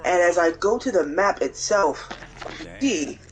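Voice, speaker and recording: A man co-hosting a gaming video, telling a story in a lively, profanity-laced casual chat. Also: high voice, measured pace, poor audio. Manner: animated, swears freely, talks to himself in retellings. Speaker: gaming co-host.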